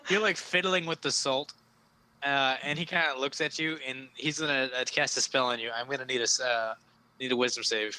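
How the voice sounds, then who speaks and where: A man running a tabletop game as game master, narrating casually with many fillers and pauses. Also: medium pitch, steady tone, bright, forceful tone, a little hiss or hum, low-quality recording.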